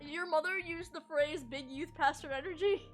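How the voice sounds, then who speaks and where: A woman's voice: sits high, moderate pace. A woman in her thirties chatting casually as co-host, playful and teasing, laughing often. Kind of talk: casual chat.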